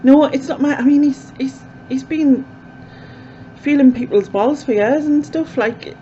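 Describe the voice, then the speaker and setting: A high-pitched, warm-toned woman chats a little slowly to the camera, vlogging casually and filling her rambles with fillers. Slight background noise sits under the dull, lo-fi sound.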